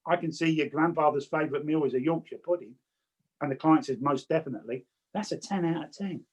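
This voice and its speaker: A man's voice: fairly high pitch, fast, husky, rough recording. Chatty Englishman teaching over a video call. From England. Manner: stammering restarts, chatty and direct. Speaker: spiritualist medium teaching. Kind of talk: online teaching talk with anecdotes.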